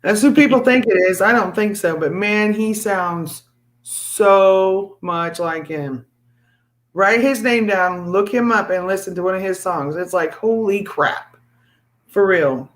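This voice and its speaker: A man hosting a live stream in casual chat, excitable and rambling, often restarting his sentences. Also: high-pitched, measured pace.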